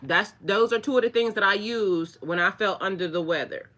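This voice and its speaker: A woman with a mid-range, slightly bright voice hosts a spiritual livestream at a moderate pace. She rambles casually and chattily, full of fillers, speaking directly to her viewers while scornfully mocking the trolls.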